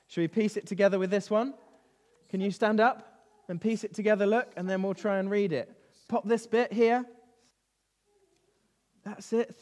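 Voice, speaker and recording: A man leading an interactive Bible lesson for children, lively and constantly asking them questions. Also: high-pitched. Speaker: children's talk leader. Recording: reverberant hall.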